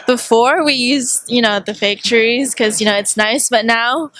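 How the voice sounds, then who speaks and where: A woman's voice: fairly high pitch, measured pace, a bit bright. A woman hosting a casual chat, bubbly and gushing with enthusiasm. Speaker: host.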